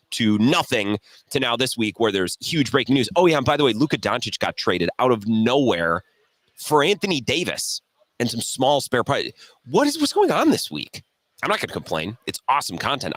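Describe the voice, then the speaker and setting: A man's voice: on the low side, no echo. A man hosting a sports radio show, telling stories in a casual, self-deprecating way. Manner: animated, self-deprecating storytelling. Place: radio row broadcast table.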